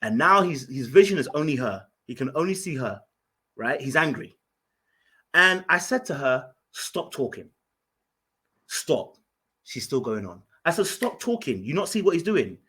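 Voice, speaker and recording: A man's voice: medium pitch, big pitch swings, moderate pace, sharp tone, husky. A man hosting a podcast, telling a story in an emphatic, casual way and often restarting and repeating his words. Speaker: podcast host.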